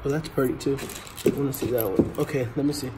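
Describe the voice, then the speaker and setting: A man's voice: mid-range voice, steady tone, fast talker, background noise. A man hosting a casual vlog as he goes through storage unit finds, talking in a joking, teasing way. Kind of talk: casual chat.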